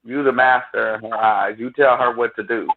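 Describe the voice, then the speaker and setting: A man's voice: mid-range voice, fairly even intonation, normal speed. A man chatting casually as a guest, sharing blunt, anecdotal stories. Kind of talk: casual chat. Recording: tinny phone-like line.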